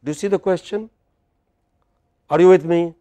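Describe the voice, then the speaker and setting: A man teaching spoken to a class, coaxing students and drawing out words slowly to demonstrate rhythm. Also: high voice, mellow, clear, resonant tone, dry recording, dull audio. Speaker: professor teaching spoken English. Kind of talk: classroom lecture with call-and-response drills.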